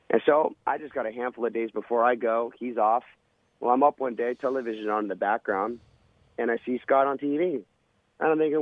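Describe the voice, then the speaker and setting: A man's voice: medium pitch, fast, no room sound. A man, a former Navy SEAL, telling a vivid, dramatic story in an interview. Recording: tinny phone-line sound.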